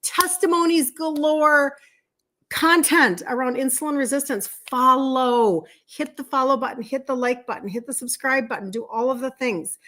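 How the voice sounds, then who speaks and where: A woman's voice: sits high, normal speed, a bit bright. A woman in her fifties with a Minnesota accent, hosting a casual livestream as a health coach and greeting viewers by name. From Minnesota, USA. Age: 50s. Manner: chatty, repeats words, greets viewers by name. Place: indoor room with balloons behind her.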